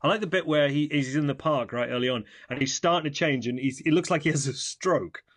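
A young man co-hosts a laid-back podcast chat reviewing films, rambling, correcting himself and tossing in wry asides. His voice is a little high and a bit bright, and he speaks briskly.

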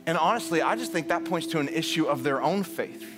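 A man preaching a sermon as pastor, energetic, building to fired-up emphasis and asking the congregation questions. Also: a little high, brisk, music in the background. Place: church sanctuary.

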